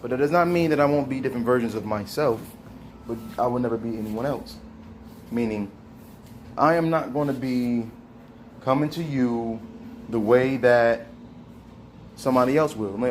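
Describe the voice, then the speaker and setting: A man's voice: mid-range voice, normal speed, pauses often, darkish tone, a little hiss or hum. A man hosting a casual spiritual monologue, talking in a slangy, conversational street style. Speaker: host.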